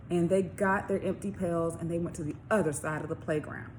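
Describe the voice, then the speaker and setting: A woman author reading her children's story aloud, expressive, with questions to young listeners. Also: fairly low pitch, fairly quick, hardly any pauses, a little hiss or hum. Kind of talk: storybook read-along for children.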